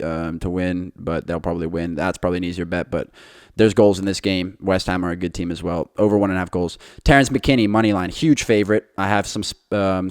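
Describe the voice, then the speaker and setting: A man's voice: sits low, clear, resonant tone, no room sound, clean studio sound. A man hosting a podcast, giving his betting picks in a confident, chatty monologue to listeners. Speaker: podcast host.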